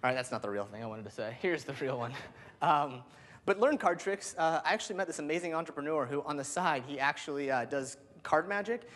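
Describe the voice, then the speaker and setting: A man in his thirties giving an energetic keynote speech, with lots of "um" and "like" fillers. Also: a little high, brisk. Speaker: keynote speaker. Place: large hall. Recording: long hall reverb.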